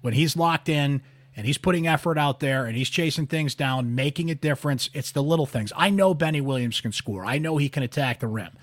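A man's voice: on the high side, brisk, no room sound. A man hosting a casual postgame sports show, upbeat, reading listener texts and speaking straight to the audience. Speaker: sports podcast host.

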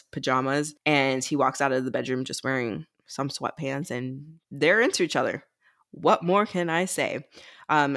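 A woman's voice: sits low, fairly bright tone. A woman co-hosting a podcast, leading a casual book-club chat and recapping the plot with quoted lines from the characters.

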